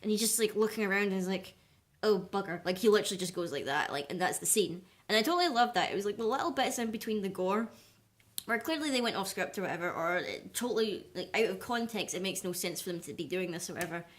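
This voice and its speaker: A woman's voice: mid-range voice, lively intonation, fast talker. A woman giving a casual film review vlog, rambling and peppering her talk with "like" and "or whatever". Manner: chatty, rambling, heavy use of "like" and "or whatever".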